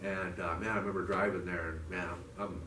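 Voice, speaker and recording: A man with a deep voice talks fast in a level tone, giving a heartfelt, rambling personal testimony to a church recovery group, full of restarts and "you know." The church meeting room sounds echoey, picked up by a distant mic with faint noise.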